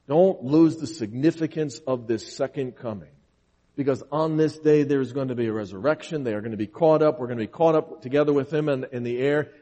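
Man preaching, slightly high voice, mellow and husky, emphatic and earnest, long hall reverb. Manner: earnest, emphatic scripture preaching with repeated phrases. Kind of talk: sermon.

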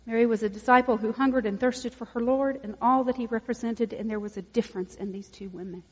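Woman preaching, goes from hushed to loud and punchy, kinda high voice, big hall echo. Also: fairly even intonation, quick pace, breathy edge. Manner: swings from hushed, intimate lines to loud emphatic peaks. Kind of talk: sermon. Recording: dull lo-fi recording with long hall reverb.

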